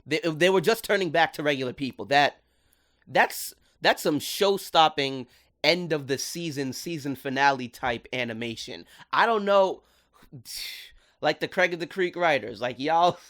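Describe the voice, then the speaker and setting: A man giving casual video commentary on a cartoon episode, animated and full of slang. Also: on the high side, measured pace. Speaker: cartoon reviewer.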